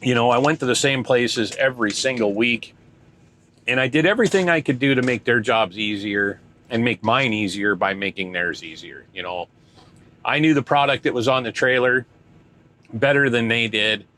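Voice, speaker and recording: A man's voice: medium pitch, moderate pace, sharp tone, slight background noise. Older man telling a rambling trucking story. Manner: rambling, chatty, with restarts and quoted voices. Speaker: truck driver vlogger. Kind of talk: casual storytelling.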